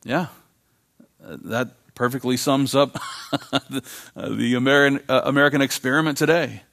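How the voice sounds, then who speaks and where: A man preaching a sermon as pastor, emphatic, repeating key phrases and slowing down to read quotations aloud. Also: mid-range voice, steady tone, creaky, a bit bright. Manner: frequent fillers and restarts.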